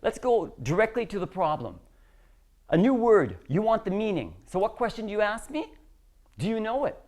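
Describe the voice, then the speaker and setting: An English teacher addresses her class in a medium-pitched voice at an even, moderate speed. Her delivery is animated and emphatic as she acts out brief dialogues.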